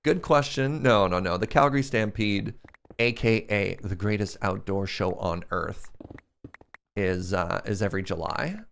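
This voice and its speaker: A young male game streamer chats casually as he plays, answering questions from his chat and poking fun at himself. His low voice carries a gravelly texture and moves through a lively range of pitch. Faint background noise sits under the talk. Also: measured pace. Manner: chatty, answers chat questions with self-deprecating jokes. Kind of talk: casual live-stream chat while playing.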